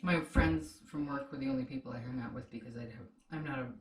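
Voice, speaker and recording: A woman's voice: very deep voice, fast talker, reverberant, recorded from a distance. A woman co-hosting a snack tasting show, chatting casually with her partner and teasing him.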